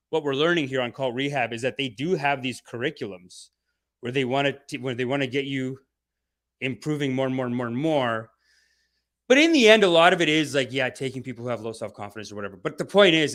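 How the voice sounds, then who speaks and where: A man's voice: fairly high pitch, pushed and bright. A man hosting a livestream as a comedian, rambling through tangents, joking around and reading viewer comments aloud. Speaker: comedian and show host.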